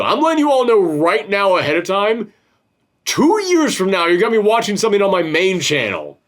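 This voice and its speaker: A man's voice: high-pitched, fairly bright tone. A man hosting a casual film-review chat, rambling and swearing freely. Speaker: podcast host reviewing a film.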